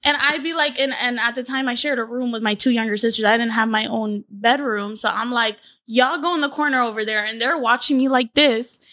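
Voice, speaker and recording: Animated young woman telling her story. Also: a little high, a little fast, hardly any pauses, no echo, clean studio sound. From Latin America. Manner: animated, acts out quotes in lively voices. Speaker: wellness coach guest. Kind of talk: candid podcast storytelling.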